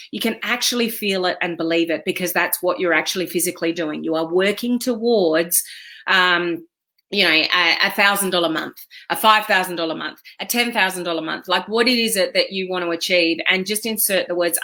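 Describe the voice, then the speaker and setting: A woman's voice: on the low side, a little fast, sharp tone. A woman giving casual, encouraging motivational advice to her online community, chatty and full of fillers. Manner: chatty, encouraging, with many fillers and quoted self-talk. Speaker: online business coach.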